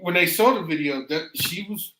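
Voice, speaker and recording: A man co-hosting a podcast in casual chat, pausing to search for words. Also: a little high, sharp tone. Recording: roomy echo, faint noise.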